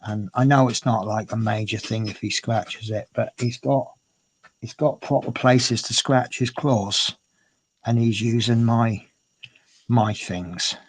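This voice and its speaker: A man's voice: mid-range voice, steady tone, takes it slowly, breathy edge. Chatty man streaming from home. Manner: chatty, rambling, coos at his cat. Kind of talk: casual livestream chat. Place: at home indoors.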